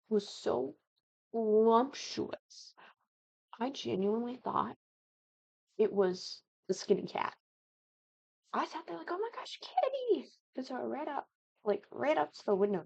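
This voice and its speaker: A young woman from the Midwest chatting animatedly while building a house in a game, with excited exclamations. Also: fairly high pitch, slow, creaky, pauses often, no echo, poor audio. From American Midwest. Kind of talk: casual gaming commentary.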